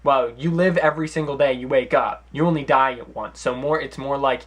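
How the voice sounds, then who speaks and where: A young man hosting a comedy vlog from home, giving mock advice in a deadpan, sarcastic way with rambling asides. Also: mid-range voice, a little fast. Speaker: vlog host. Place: at home, sitting in front of a camera.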